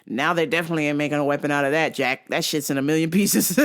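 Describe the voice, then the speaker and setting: A young adult woman telling a comic story as a vlogger, swearing freely and breaking into shrieking laughter. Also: low-pitched. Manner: profane, animated, bursts into shrieking laughter. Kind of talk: comedic storytelling rant.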